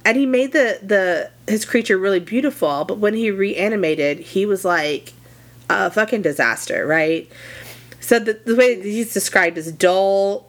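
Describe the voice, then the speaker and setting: Chatty, profane young woman podcaster. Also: on the low side. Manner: animated, profane, lots of fillers and asides. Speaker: podcast co-host. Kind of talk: casual chat, retelling a story.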